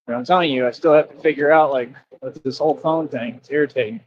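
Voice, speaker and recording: A man's voice: on the high side, quick pace, dull audio. A man live-streaming while walking outdoors, chatting casually in a rambling, laid-back way. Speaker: street streamer in costume. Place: outdoors on streets. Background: passing traffic.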